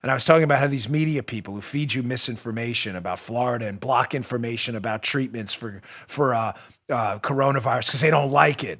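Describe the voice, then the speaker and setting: A man's voice: medium pitch, fast, fairly bright tone. A man hosting a political talk show, delivering a heated, emphatic monologue, repeating points for stress and dropping into sarcasm.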